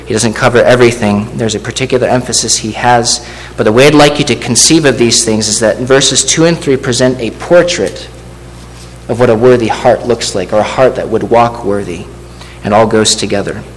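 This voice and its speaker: A man preaching a verse-by-verse sermon to a congregation in a measured way, with asides like "doesn't he?". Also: mid-range voice. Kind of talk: expository sermon. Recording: long hall reverb with faint hum.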